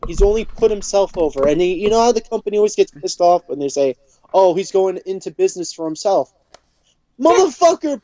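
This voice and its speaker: A woman's voice: a little high, mellow, dry recording. Furious swearing woman ranting. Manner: furious, heavy swearing, stammering restarts. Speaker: podcast co-host. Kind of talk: angry profane rant. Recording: dull lo-fi podcast audio.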